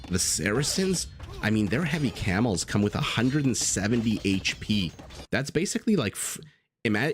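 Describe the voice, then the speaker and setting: A man's voice: fairly low pitch, slight background noise. A man casting a strategy game live, chatting casually with viewers and telling stories as he goes. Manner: chatty, easygoing, swears casually, tells stories.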